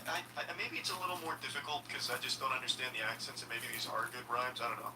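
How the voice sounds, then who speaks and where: A man's voice: medium pitch, steady tone, quick pace. A man hosting a reaction video, giving sarcastic, profane commentary in a dry, mocking way. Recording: distant mic with clear background noise.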